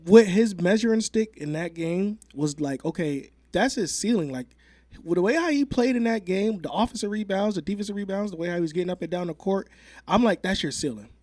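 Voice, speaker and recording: Male sports co-host, slightly high mellow voice, emphatic, repeats his points, dry studio mic. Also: fairly quick, no echo. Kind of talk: casual sports talk.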